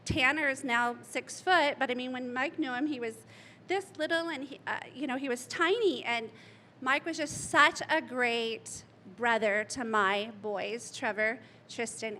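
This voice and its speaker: A woman's voice: high-pitched, measured pace, bright, forceful tone, a little hiss or hum. A middle-aged woman giving a eulogy as a friend's mother, rambling through anecdotes and laughing through tears. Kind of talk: memorial speech. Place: memorial gathering hall.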